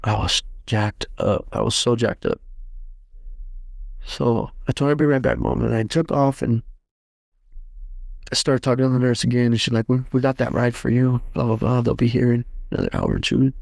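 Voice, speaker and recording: A man hosting a podcast, telling a personal testimony in casual, halting speech with many restarts and fillers. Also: mid-range voice, steady tone, creaky, darkish tone, dry recording, clean studio sound. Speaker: podcast host.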